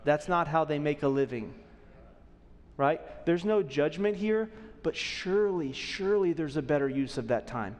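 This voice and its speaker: A man's voice: fairly high pitch, expressive, normal speed, in a large hall. A man in his thirties preaching a sermon as a pastor, conversational and often checking in with the audience. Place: church auditorium.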